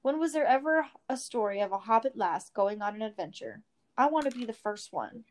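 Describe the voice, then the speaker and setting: A woman's voice: on the high side, lively intonation, fairly quick, close to an everyday voice. A woman reading the lines of a spirited young hobbit girl in a storybook, with a bold, teasing delivery.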